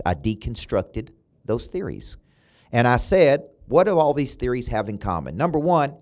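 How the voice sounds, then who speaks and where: A middle-aged man with a Southern US accent giving a motivational podcast monologue, punchy and emphatic with a preacher-like cadence and sudden loud peaks. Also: mid-range voice. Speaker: motivational coach and podcast host. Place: his own podcast studio building.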